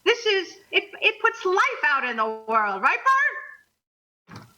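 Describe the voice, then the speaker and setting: A woman's voice: extremely high pitch, very animated, slow pace, pushed and bright, low-quality recording. A woman co-hosting a casual talk show, brash and joking, laughing often. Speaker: co-host. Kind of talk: casual chat.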